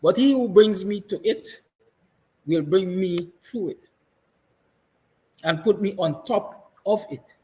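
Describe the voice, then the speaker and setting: A man's voice: sits high, slow, pauses often, poor audio. Fiery Guyanese man, emphatic. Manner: fiery, emphatic, repeats lines; soft, tender passages. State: emotional, near tears. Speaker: host. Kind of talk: impassioned monologue.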